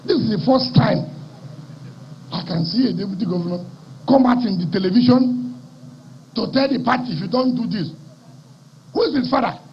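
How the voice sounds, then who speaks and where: A man's voice: high voice, moderate pace, long pauses, a little hiss or hum. A man with a Nigerian accent, a governor giving a fiery, combative rally speech and repeating phrases for emphasis. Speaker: state governor. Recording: muffled live broadcast audio.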